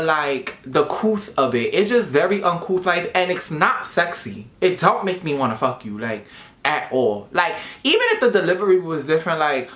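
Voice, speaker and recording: Dramatic young man, lively swinging voice. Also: a little high. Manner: expressive, dramatic, swears freely, lots of "like". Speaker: vlogger. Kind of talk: casual storytime chat while doing makeup. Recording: echoey room.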